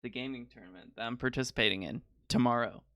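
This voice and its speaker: A teenage boy hosting a podcast, chatting casually and rambling with quick laughs. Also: medium pitch, sharp tone, no room sound, clean studio sound. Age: teens. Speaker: podcast host. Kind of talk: casual chat.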